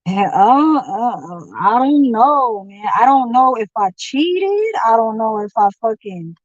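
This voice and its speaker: High-voiced woman on a profane rant. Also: big pitch swings, measured pace, dry recording, muffled recording. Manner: rambling, profane, heated rant. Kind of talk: venting monologue.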